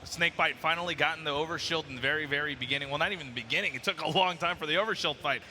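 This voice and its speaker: A man with a very bright, cutting voice recaps the match play by play. A long hall reverb trails behind him, and a little noise sits under his voice. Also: on the high side, rapid-fire. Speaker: esports analyst. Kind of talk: analysis desk chat.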